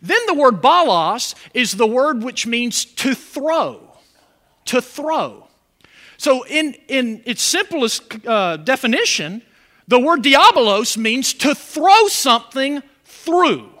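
A man preaching a sermon as pastor, animated, with call-and-response questions to the congregation. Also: very high voice, slow pace.

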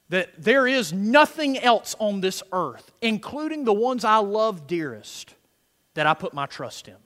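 A middle-aged man preaching a sermon, swinging between soft, murmured prayer lines and loud, emphatic declarations. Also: high voice, big pitch swings, unhurried. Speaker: pastor. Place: church sanctuary. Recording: long hall reverb.

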